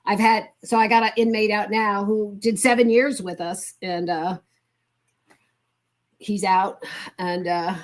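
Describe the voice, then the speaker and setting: A woman's voice: mid-range voice, fairly even intonation, a little slow, long pauses. An older woman as a guest in conversation, telling an earnest, heartfelt story from her volunteer work. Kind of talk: casual conversation.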